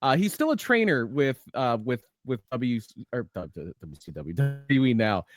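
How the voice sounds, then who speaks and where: A man's voice: mid-range voice, normal speed, over music. A man co-hosting a casual wrestling podcast over a video call, talking with enthusiasm and stumbling over his restarts. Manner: animated, enthusiastic, stammers on restarts. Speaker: podcast co-host. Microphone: video call from a computer.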